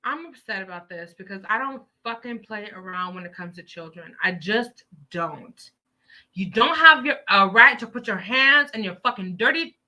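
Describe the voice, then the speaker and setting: Woman ranting on a live stream, fired up and cussing, voice bright and swooping all over. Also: fairly high pitch. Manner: heated, emphatic ranting with profanity. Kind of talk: live news commentary.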